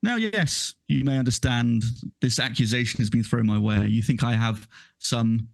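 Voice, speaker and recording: A man voicing a scheming old village elder who talks down to people in a slow, gloating way. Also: mid-range voice, gravelly, no room sound, clean studio sound, natural voice.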